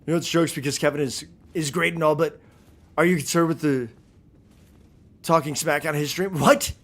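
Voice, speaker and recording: A man's voice: fairly high pitch, fairly even intonation, moderate pace. A man streaming a video game in a boastful comic persona, constantly tagging his lines with "okay?". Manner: cocky braggart persona, keeps tagging "okay?". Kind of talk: in-character gameplay commentary.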